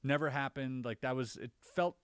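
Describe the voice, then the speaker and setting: A man on a podcast, casually recounting his own experiences as an animated storyteller whose voice jumps higher when he relives the scary parts. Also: normal speed, clean tone, no echo, studio quality. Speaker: podcast co-host.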